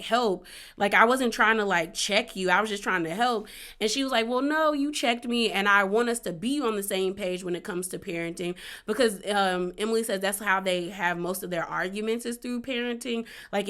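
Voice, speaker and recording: A woman casually recapping a reality show episode, chatty with lots of filler words and quick laughs. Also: medium pitch, pushed and bright.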